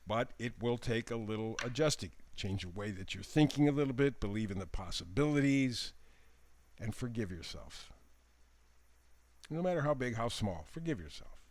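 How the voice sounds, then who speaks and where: A man giving a daily tarot reading in a gentle, encouraging voice. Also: mid-range voice, expressive, normal speed. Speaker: tarot reader.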